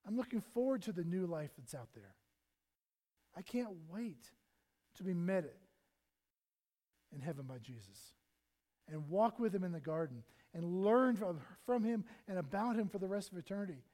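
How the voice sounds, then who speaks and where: A man preaching a sermon in earnest, his voice swelling loud and then dropping almost to a hush, acting out prayers and Bible figures as he goes. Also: sits high, animated, normal speed, long pauses. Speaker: pastor.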